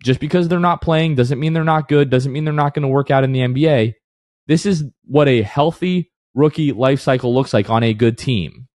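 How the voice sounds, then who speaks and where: A man's voice: medium pitch, normal speed, a little mellow, dry recording, studio quality. A man co-hosting a casual sports podcast who rants with heat, then apologizes for it half in jest. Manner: heated, ranting, then mock apologetic. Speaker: podcast co-host.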